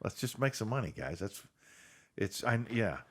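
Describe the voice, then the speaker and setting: A man's voice: fairly low pitch, lively intonation, moderate pace. A man in his forties co-hosting a podcast, chatting casually, laughing often and acting out quotes. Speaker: podcast co-host. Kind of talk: casual chat.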